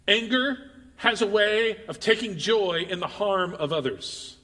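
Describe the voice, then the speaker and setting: A man preaching a sermon, reading scripture aloud and voicing its speakers with animated emphasis, asking the crowd questions. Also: high voice, unhurried. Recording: long reverb of a large hall.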